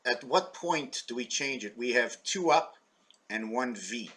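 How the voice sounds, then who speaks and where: Middle-aged man, vlog monologue, wandering and excitable, bright forceful tone. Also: mid-range voice, a little slow, husky. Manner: excitable, wandering, thinking aloud with many rhetorical questions. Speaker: vlogger. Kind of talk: rambling monologue to camera.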